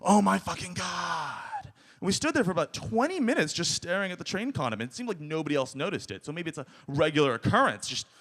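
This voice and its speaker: A man's voice: fairly high pitch, very animated, fast talker, hardly any pauses, fairly bright tone. A man performing stand-up in a small live venue, telling a story and acting out his own panicked reactions. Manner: storytelling with acted-out panicked quotes. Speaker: stand-up comedian. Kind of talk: stand-up comedy set.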